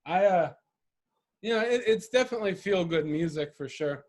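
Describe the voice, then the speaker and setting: A man's voice: high-pitched, lively intonation, moderate pace, darkish tone. Rambling, profane man co-hosting a podcast. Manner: rambling, loose and profane, laughs often. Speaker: podcast co-host. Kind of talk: casual chat.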